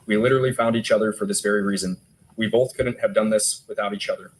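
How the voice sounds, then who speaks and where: A man's voice: on the low side, fairly even intonation, fast, poor audio. A male detective testifying in court, steadily reading text messages aloud. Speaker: detective witness.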